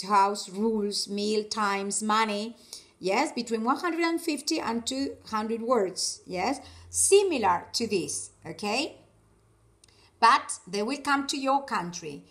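A woman's voice: medium pitch, a bit bright. A woman teaching an English class. She keeps checking understanding with "yes, okay?". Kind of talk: online class instruction. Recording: echoey room, distant mic.

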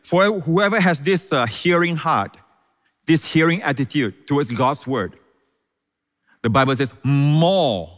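A man's voice: a little high, expressive, unhurried, long pauses, a bit bright. Male pastor preaching in an echoing hall. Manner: emphatic preaching, repeats key phrases, calls out "Hallelujah". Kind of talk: sermon. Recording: reverberant hall.

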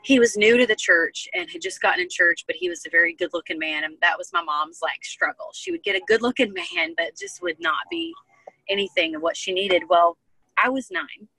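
Bright-voiced young woman sharing testimony. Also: fairly low pitch, sing-song, moderate pace, creaky, husky, no room sound, low-quality recording. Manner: earnest, heartfelt storytelling with many fillers. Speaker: guest. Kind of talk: personal testimony in casual chat.

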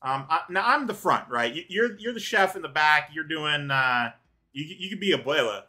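A man's voice: fairly high pitch, expressive, normal speed, bright, forceful tone. A Canadian man hosting a casual co-op gameplay chat, joking and rambling with many fillers and restarts. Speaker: gaming channel host.

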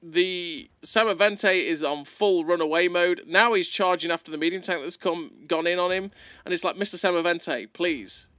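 Bright-voiced, excitable gaming commentator man. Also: high-pitched, moderate pace, clear, resonant tone, no room sound, studio quality. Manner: excitable, playful, laughs often. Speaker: gameplay commentator.

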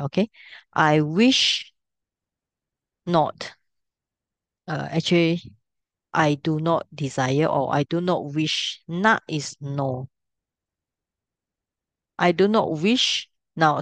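A woman's voice: low-pitched, no echo. A middle-aged woman teaching a language class, patiently explaining step by step and checking if students can follow.

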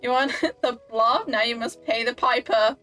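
Giggly bright-voiced woman streamer. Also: a little high, normal speed, faint music behind. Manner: giggly, flustered, talks to chat. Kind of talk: casual live-stream chat while gaming.

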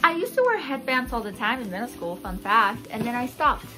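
Young woman rambling excitedly through an unboxing, kinda high voice, giggly. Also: brisk. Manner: gushing, chatty, giggly. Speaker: channel host unboxing a mystery box. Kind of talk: excited casual unboxing chat. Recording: background music.

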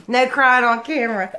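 A woman's voice: a little high, pushed and bright. Giggly gushing woman. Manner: gushing, giggly, lots of "like" and "oh my goodness". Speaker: yarn vlogger. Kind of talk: excited unboxing haul vlog.

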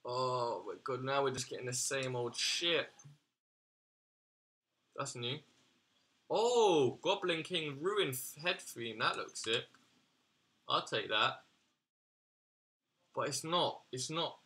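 A man's voice: mid-range voice, slow, long pauses, pushed and bright. A young man giving casual, exasperated gaming commentary, swearing and slangy as he reacts. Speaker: gaming YouTuber.

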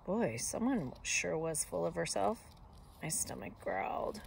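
A woman teacher reading a picture book aloud expressively, with soft whispered asides. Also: fairly low pitch, expressive, moderate pace, creaky, noisy background. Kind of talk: storybook read-aloud.

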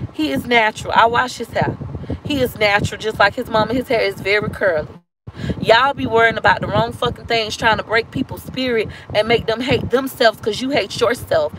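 A woman's voice: fairly high pitch, noisy background. A woman in her thirties venting bluntly and with plenty of profanity in a casual vlog. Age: 30s. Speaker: vlogger.

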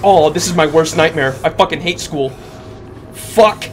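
A man playing a horror game on camera, talking through it with constant swearing and frightened shouts. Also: fairly high pitch, measured pace, a little hiss or hum. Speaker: gaming YouTuber. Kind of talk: horror game playthrough commentary. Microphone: webcam setup with face cam.

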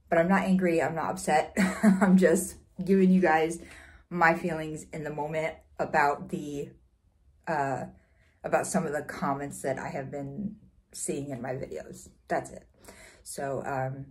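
A woman's voice: sits low, a little mellow, breathy edge. An American woman vlogger talking to camera in a casual, rambling way, full of fillers and little laughs. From United States. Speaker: reaction vlogger.

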